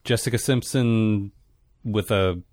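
A man's voice: on the low side, slow, darkish tone. A man hosting a podcast in casual, rambling chat. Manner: rambling, laughing. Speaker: podcast host.

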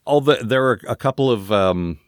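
A man co-hosting a podcast, talking casually with rambling, lively asides. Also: medium pitch, moderate pace, no room sound, studio quality. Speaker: podcast co-host. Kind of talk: casual chat.

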